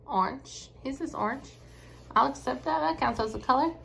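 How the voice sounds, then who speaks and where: Doting high-voiced mother. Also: moderate pace, gravelly, fairly bright tone, slight background noise, poor audio. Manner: doting and playful, coos praise to her child. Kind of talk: casual family vlog.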